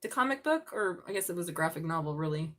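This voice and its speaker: A woman's voice: fairly low pitch, animated, fast talker. A middle-aged woman giving a live-stream tarot reading, blunt and profane, joking and laughing often. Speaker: tarot reader.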